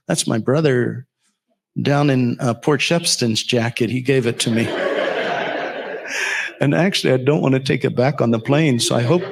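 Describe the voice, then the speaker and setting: A middle-aged American man, a pastor, giving a personal testimony talk to an audience, telling his story earnestly and rising to preacher-like emphasis. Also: medium pitch. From United States. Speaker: pastor and speaker on the Rwandan genocide.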